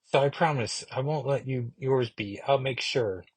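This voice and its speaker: A man voicing a cocky but kind young sorceress, in a high falsetto with a put-on Russian accent. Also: moderate pace, slightly rough, no echo, close to an everyday voice. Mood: reassuring.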